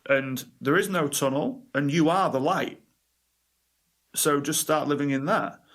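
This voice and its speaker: A man speaking as a life coach guest on a podcast interview, telling stories in a lively, direct way. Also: fairly high pitch. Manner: animated storytelling, quick asides and laughs.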